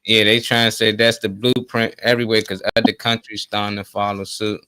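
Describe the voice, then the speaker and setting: Give me a man hosting a relaxed call-in show, in a low, steady, crisp voice and slang-heavy speech. The sound should be close and dry. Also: fairly quick, no echo. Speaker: host. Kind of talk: casual call-in chat.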